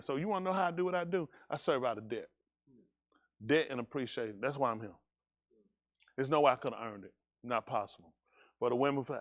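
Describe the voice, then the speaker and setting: A pastor, preaching loud and emphatic to his congregation. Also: mid-range voice. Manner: loud, emphatic, quick preaching with call-and-response. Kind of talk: preaching a sermon.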